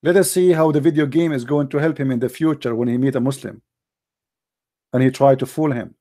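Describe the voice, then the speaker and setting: A man's voice: medium pitch, brisk, dark tone. A man talking straight to his viewers with earnest urgency, in plain non-native English, sometimes repeating words as he searches for them. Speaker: online commentator. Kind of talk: direct-to-camera monologue.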